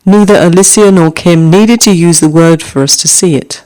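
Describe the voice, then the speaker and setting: A woman hosting a podcast, reading listener haiku and discussing them in a measured way, repeating each poem twice. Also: fairly low pitch, dark tone. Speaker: podcast host.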